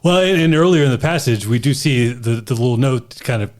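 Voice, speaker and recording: A man's voice: medium pitch, expressive, a little fast. Hesitant man musing on scripture. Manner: thoughtful, hesitant, musing aloud. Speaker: Bible study host. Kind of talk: casual discussion podcast.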